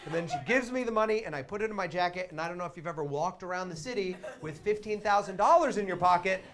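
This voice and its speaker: A young man telling a long comic story on a theater stage, chatty and wry, shouting quoted lines for effect. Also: high-pitched, lively intonation, fast. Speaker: comedian. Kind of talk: live storytelling stand-up. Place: small theater stage with audience.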